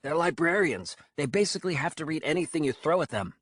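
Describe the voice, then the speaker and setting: Man putting on a cheerful young man, breezy, upbeat, lively pitch. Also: fast talker, no room sound, studio quality.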